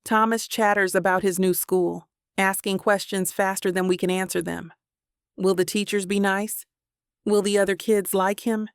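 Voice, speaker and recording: A woman narrates a first-person romance audiobook in an intimate, even storytelling way. Her voice has a gravelly, fried edge at a middle pitch. The recording is dry and close, with no room sound at all. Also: moderate pace, no echo.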